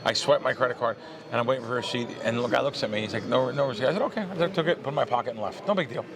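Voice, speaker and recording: A man's voice: medium pitch, very fast, a loud crowd. A man telling a long story in casual chat on a podcast, acting out the voices of the people in it. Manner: animated storyteller, acts out quoted voices. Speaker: podcast host, pro sports bettor.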